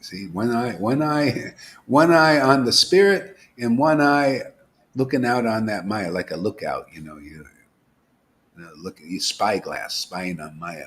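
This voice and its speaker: A man giving an informal devotional sermon, asking rhetorical questions, dropping to whispers and rising to loud exclamations, laughing now and then. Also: on the low side, measured pace. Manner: animated, preachy, swings from hushed whispers to loud exclamations; asks rhetorical questions, laughs at his own jokes. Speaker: spiritual teacher.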